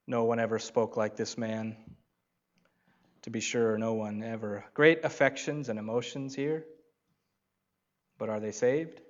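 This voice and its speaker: A man, a pastor, preaching a sermon in an emphatic manner, drawing out key words with long pauses. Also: medium pitch, steady tone, muffled recording.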